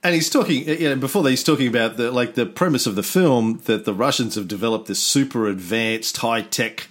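A man's voice: medium pitch, a little fast, fairly bright tone. Male podcast host, mid-range voice, loose rambling delivery with casual swearing. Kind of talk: casual chat.

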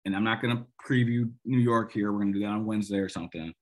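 A man's voice: fairly low pitch, steady tone, rapid-fire. A man hosting a solo football podcast, talking in a rambling, emphatic, opinionated way with sarcastic asides. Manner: rambling, emphatic, restarts a lot. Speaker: sports podcast host. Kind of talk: casual solo football analysis.

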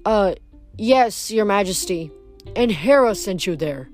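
A woman's voice: medium pitch, expressive, slow pace, darkish tone, faint music behind. A woman reading the part of a teenage demigod boy who speaks hesitantly and politely. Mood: unsure.

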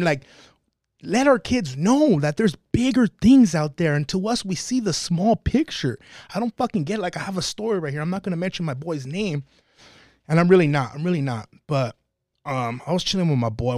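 A fired-up man talks through a story in casual podcast chat, cursing freely. His voice sits a little high for a man. The dry, close mic keeps the room quiet. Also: expressive, fairly quick, dry recording. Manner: passionate, swearing, tells stories. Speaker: podcast guest.

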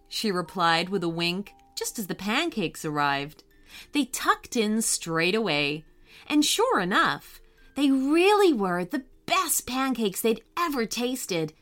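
A woman narrating a children's story in a gentle, expressive read-aloud way. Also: on the high side.

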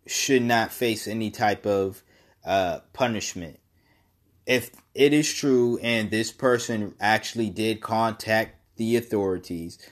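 A man speaks in a somewhat low voice at an unhurried, deliberate pace. He gives casual opinion commentary on his own, stumbling and repeating words before pressing each point with emphasis.

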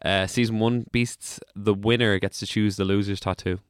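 A man's voice: on the low side, steady tone, moderate pace, clean tone, no echo, studio quality. A male podcast co-host chatting casually and hesitantly. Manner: hesitant, with many fillers. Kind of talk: casual chat.

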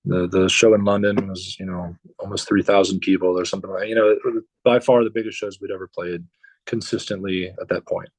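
A man with a low voice telling old tour stories in a casual, rambling way, swearing freely and leaning on fillers. The sound is dry and close, with no room around it. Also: level tone, a little fast, dry recording, rough recording. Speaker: musician guest. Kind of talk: casual storytelling.

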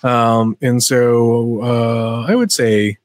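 A man's voice: medium pitch, fairly even intonation, very slow, dry recording. A man co-hosting a casual chat, rambling with many fillers and restarts. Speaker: co-host.

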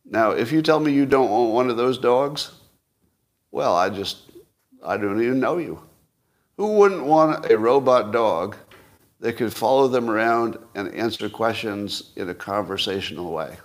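A man's voice: medium pitch, animated, a little slow. A man in his sixties hosting a solo commentary show, rambling and self-mocking with frequent chuckles. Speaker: podcast host.

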